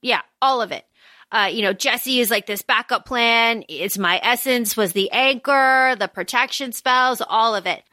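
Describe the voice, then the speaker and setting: Bright, high-voiced woman recapping a book. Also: a little slow, dry recording. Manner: animated recapping, filler-heavy, swears casually. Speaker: podcast co-host. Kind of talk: casual book-discussion chat.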